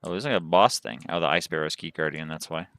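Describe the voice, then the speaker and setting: A man's voice: rumbling low, quick pace, a bit bright, no echo. A man from the southern United States giving chatty, rambling commentary as he plays a game on a livestream. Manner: chatty, rambling, thinks aloud while playing. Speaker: game streamer.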